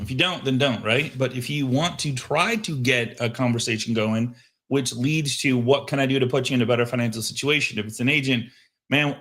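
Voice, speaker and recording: A man hosting a live show, coaching listeners on sales outreach and telling lively stories of his phone calls. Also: mid-range voice. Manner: animated storyteller acting out phone calls. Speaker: host. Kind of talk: casual coaching talk. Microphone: headset microphone.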